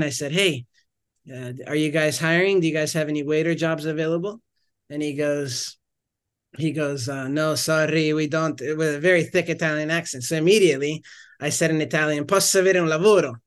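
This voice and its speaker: A man in his thirties talks casually as a podcast guest, his voice pitched a little higher than most men's. He rambles through his stories, stops partway and restarts his sentences as he goes. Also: clean tone. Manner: rambling, self-correcting storyteller with frequent restarts. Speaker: missionary guest. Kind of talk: casual storytelling interview.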